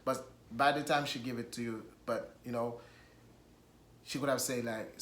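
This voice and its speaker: A man with a Haitian accent co-hosting a casual chat, speaking haltingly with many ums. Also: mid-range voice, steady tone, a bit bright, reverberant, a little hiss or hum. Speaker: co-host.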